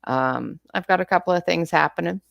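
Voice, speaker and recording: A woman's voice: on the low side, fairly quick, gravelly, fairly bright tone, no echo. A woman with a Canadian accent co-hosting a casual live stream, laughing often and talking in a friendly, hesitant way. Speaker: co-host of a coloring live stream.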